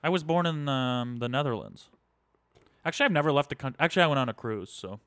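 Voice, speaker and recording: A man's voice: medium pitch, expressive, fast, fairly bright tone. A young man hosting a casual podcast chat, blunt and crude, joking around. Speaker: podcast host.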